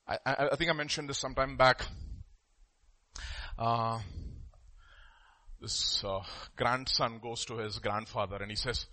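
Man, sermon, animated, acts out quotes, swooping pitch. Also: fairly quick. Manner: animated, acts out quoted voices, repeats words. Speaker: pastor.

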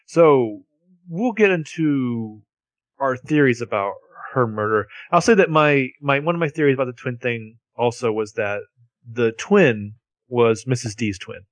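A man's voice: medium pitch, measured pace, no echo. A man co-hosting a podcast, narrating plot events step by step in casual chat. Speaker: podcast co-host.

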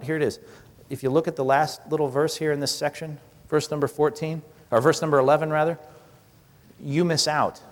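A male pastor with a somewhat high voice delivers a sermon in an easy, conversational way. He asks the congregation questions and acts out the words of people in the passage. A long reverb trails his voice through the hall. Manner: conversational preaching with rhetorical questions and animated acted-out quotes.

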